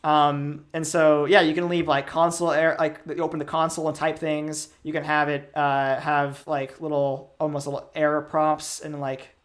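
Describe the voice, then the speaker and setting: Give me a young man with a somewhat high voice rambling through a coding workshop. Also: level tone, moderate pace, hardly any pauses. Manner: rambling, filler-heavy, chuckles often. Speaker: game developer giving a workshop. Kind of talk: casual technical talk.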